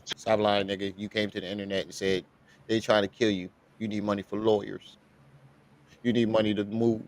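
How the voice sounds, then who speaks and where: A man's voice: on the low side, flat delivery, a little fast, a little hiss or hum. A man hosting a livestream, reacting to clips with casual commentary, laughing often and talking profanely. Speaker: livestream host.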